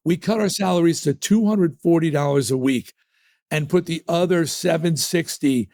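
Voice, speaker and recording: Guy from new york, rock singer on a podcast, high voice, punchy emphatic storytelling. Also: moderate pace, darkish tone. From New York area. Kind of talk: casual interview storytelling.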